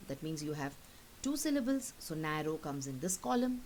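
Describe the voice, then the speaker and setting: A low, slightly mellow female voice, very animated, belongs to a teacher in a recorded lesson. She patiently models pronunciation by repeating every word twice, slowly, over poor audio with a faint hiss.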